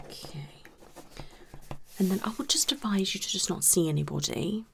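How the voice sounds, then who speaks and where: A woman voicing a blunt, flirty, unprofessional psychologist in a soft whispered role-play. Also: mid-range voice, lively intonation, normal speed, creaky, slight background noise. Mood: whispery. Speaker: ASMR creator.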